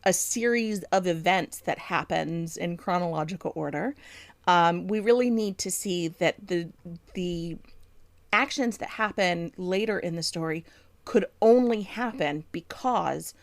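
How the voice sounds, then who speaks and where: A woman's voice: lowish voice, measured pace, vocal fry, no echo. A woman co-hosting a chat show, explaining writing craft in a thoughtful way with frequent ums. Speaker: podcast co-host, book editor.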